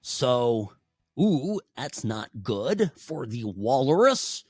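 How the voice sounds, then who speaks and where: Animated, sarcastic middle-aged radio host. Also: male voice, drawn-out words, slightly rough, no echo, clean studio sound. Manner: animated, sarcastic, swings between loud outbursts and low asides. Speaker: radio talk show host. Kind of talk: opinionated talk radio monologue.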